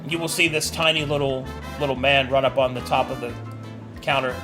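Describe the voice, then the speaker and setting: A game master who narrates a tabletop game in a lively, playful way. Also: medium pitch, brisk, music in the background.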